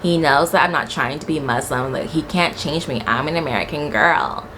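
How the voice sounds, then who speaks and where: A young woman with a low voice talks through a reality show in a casual vlog. She is blunt and swears freely, acting out what the people said. Faint background noise sits under the voice. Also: normal speed. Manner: animated, blunt and profane, acts out quotes. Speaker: reality TV reviewer.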